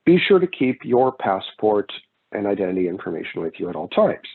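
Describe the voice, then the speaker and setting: A man lectures on economics in a loose, conversational way and often wanders into stories from his own travels. His voice is husky. The recording sounds thin and phone-like. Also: fairly low pitch, big pitch swings, fairly quick. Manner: casual, digressive, with personal anecdotes. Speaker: economics instructor.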